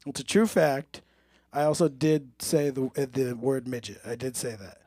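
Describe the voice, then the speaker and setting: A man's voice: medium pitch, moderate pace, warm tone, no room sound. A man from Orange County, California, performing a dry, self-mocking stand-up set on a comedy club stage.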